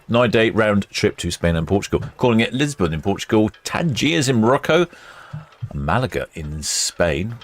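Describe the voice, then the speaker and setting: A man hosting a live ship-watching stream, chatting casually and reading out viewer comments as ships depart port. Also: deep voice. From England. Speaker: livestream host narrating ship departures. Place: quayside port camera station.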